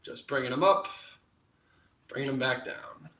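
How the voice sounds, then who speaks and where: Young man, fitness instructor, bright voice, echoey room, far from mic. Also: mid-range voice, a little slow. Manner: upbeat, jokey, counts down reps. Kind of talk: live workout class coaching.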